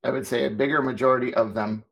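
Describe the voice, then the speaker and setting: Gravelly man telling an animated story. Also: mid-range voice, quick pace. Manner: animated, acts out quoted dialogue. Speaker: podcast co-host, former teacher. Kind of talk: casual storytelling chat.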